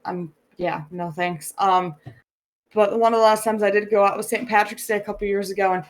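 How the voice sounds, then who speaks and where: A woman's voice: medium pitch, fairly even intonation, brisk. Young american woman on a podcast, frank and chatty, rambles through her stories. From United States. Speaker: podcast co-host. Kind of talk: casual chat.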